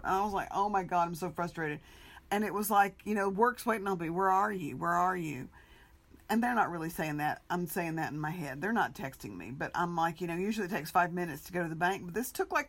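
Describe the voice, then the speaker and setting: A woman co-hosting a podcast, telling everyday stories in a casual, animated way. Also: mid-range voice. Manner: storytelling, animated when telling anecdotes. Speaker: podcast co-host.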